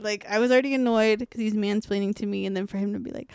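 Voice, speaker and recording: A woman's voice: medium pitch, fairly even intonation, quick pace, hardly any pauses, smooth, no echo, clean studio sound. A young woman, co-hosting a podcast and telling a story in a casual, profane way with frequent laughs. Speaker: podcast co-host. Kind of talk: casual chat.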